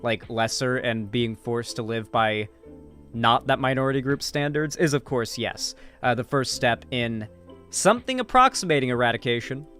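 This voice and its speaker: A man's voice: medium pitch, lively intonation, normal speed, sharp tone, faint music behind. Profane, rambling male streamer. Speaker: streamer and political commentator. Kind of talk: livestream reaction commentary.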